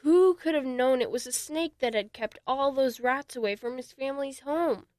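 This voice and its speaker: A woman narrating a children's story in a gentle, steady reading voice. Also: sits high, normal speed, no echo, studio quality.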